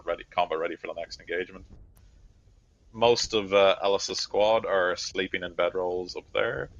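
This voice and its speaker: A man's voice: deep voice, fairly bright tone, lo-fi sound. A man narrating as game master of a tabletop game, loose and full of fillers.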